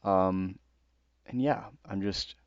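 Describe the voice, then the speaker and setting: A man's voice: sits low, slow, clean tone, dry recording. A young American man in casual, earnest commentary on a book, talking conversationally with fillers. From United States. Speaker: host. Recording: dull dry lo-fi recording.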